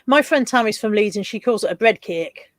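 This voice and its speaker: A woman's voice: medium pitch, expressive, brisk, no room sound. A woman hosting a casual livestream chat, laughing often and reading viewer comments aloud. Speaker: livestream host.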